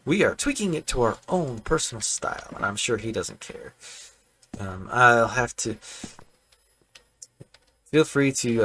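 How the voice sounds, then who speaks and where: Chatty gravelly man with a drawl. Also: mid-range voice, a bit bright, slight background noise. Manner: rambling, chatty, self-correcting. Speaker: Minecraft building creator. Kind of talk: casual gameplay commentary. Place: home room.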